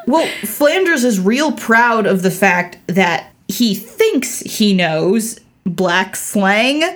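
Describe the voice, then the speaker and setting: A woman's voice: mid-range voice, animated, drawn-out words. Sarcastic woman podcast co-host. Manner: sarcastic, exasperated commentary with mocking quotes. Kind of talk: casual book discussion.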